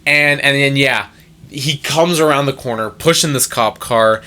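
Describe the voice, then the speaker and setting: Bright-voiced man podcast co-host. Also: medium pitch. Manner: enthusiastic, quick agreeing interjections. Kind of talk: casual chat.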